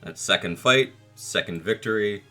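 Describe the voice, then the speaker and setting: A man with a very low, bright-edged voice talks through a game as he plays, relaxed and wry, tossing out little reactions between fights. Soft music runs underneath. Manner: casual, self-deprecating, reacts with quick quips. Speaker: gaming video creator. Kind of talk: let's play commentary.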